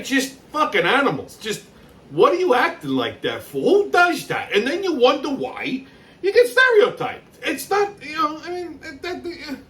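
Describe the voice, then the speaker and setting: A man's voice: extremely high pitch, sharp tone, far from the mic. A man hosting a show, ranting with lots of profanity and exasperation about a video clip, laughing in between. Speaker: host.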